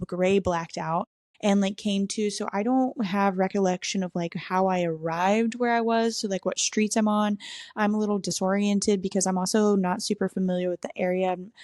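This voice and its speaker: A woman's voice: mid-range voice, darkish tone, no echo, clean studio sound. A young woman hosting a podcast, telling a wild personal story in a candid, profane, self-mocking way. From southern United States. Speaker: podcast host. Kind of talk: casual storytelling.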